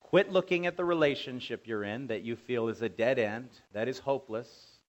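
A middle-aged man preaching a sermon, dramatically acting out quoted voices and building to loud commands. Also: medium pitch, normal speed, lo-fi sound. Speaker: pastor.

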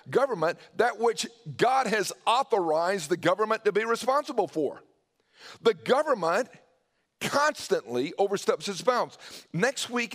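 Preaching man with swinging pitch. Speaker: pastor. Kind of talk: sermon.

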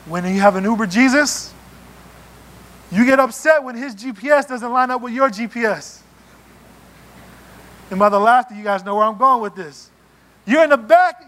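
A man preaching a sermon in a church, animated and playful, acting out little scenes as he goes. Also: extremely high pitch. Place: church sanctuary.

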